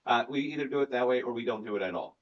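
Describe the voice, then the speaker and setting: A man's voice: medium pitch, racing, dull audio. A man hosting a casual crypto podcast, loose and jokey, rambling with lots of restarts. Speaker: podcast host.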